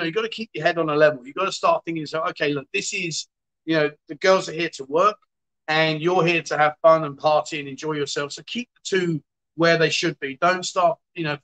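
A man's voice: a little high, a bit bright, poor audio. A man hosting a casual livestream, reading out viewer comments with jokey, exasperated asides. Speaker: livestream host.

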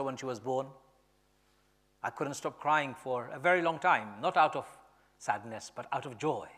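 A man's voice: medium pitch, a bit bright. Earnest male preacher in a reverberant hall. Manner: earnest, emotional storytelling with rising emphasis. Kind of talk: sermon.

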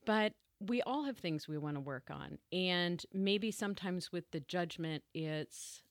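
Woman on a podcast, lowish voice, dry close sound, candid, laughs easy. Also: no room sound. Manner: candid, laughing easily, slow deliberate phrasing. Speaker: podcast co-host. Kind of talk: casual reflective conversation.

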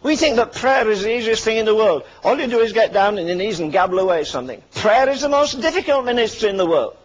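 A man's voice: sits high, lively intonation, fast talker, low-quality recording. An older man preaching a fervent sermon, firing punchy rhetorical questions and dropping dry asides between warnings.

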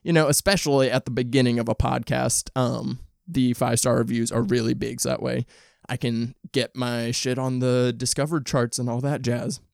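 A man hosting a casual solo podcast, talking in a rambling, candid, profane way with many restarts. His throat is dry and rough today. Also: medium pitch, level tone, normal speed, a little mellow, dry recording. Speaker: podcast host.

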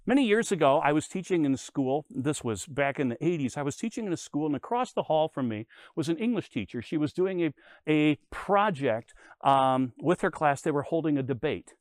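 A man's voice: on the high side, animated, brisk, no room sound. An older man giving a conversational Bible lesson, telling stories and explaining with everyday comparisons. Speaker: Bible teacher.

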